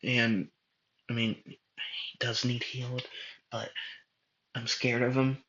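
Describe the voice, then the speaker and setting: A man voicing a shy young winged female healer who speaks softly and hesitantly, in a fan-made spoken story. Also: mid-range voice, little pitch movement, slow pace. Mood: timid. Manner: soft, hesitant, nervous. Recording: echoey room, dull lo-fi sound.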